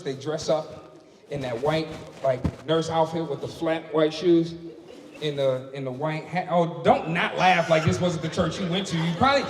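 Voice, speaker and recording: A man performing a stand-up comedy set, punchy and animated, tossing rhetorical asides to the audience. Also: a little high, background noise. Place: comedy festival stage before a live audience. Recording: echoey hall, crowd laughing.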